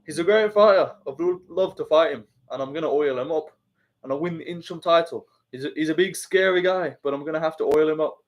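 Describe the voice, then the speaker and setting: A man's voice: on the high side, fast, lightly acted. A man doing an impression of a cocky, trash-talking British heavyweight cage fighter with a British accent.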